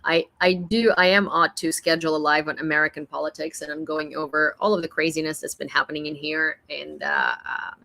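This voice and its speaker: A woman's voice: deep voice, fairly even intonation, brisk, vocal fry, few pauses, bright, forceful tone. A woman from Ukraine, hosting a casual livestream news chat in a chatty, giggly way, often restarting her sentences into a phone. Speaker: livestream host.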